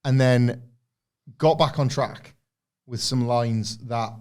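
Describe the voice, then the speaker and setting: A young man co-hosting a casual wrestling review podcast. He talks in an animated way and acts out wrestlers' lines in put-on voices. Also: mid-range voice, slow pace, smooth. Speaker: podcast co-host.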